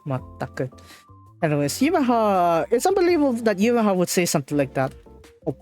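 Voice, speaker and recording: A woman streamer reading and translating a visual novel live in a playful, animated way. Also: medium pitch, fast talker, soft background music. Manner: playful, animated, laughs often.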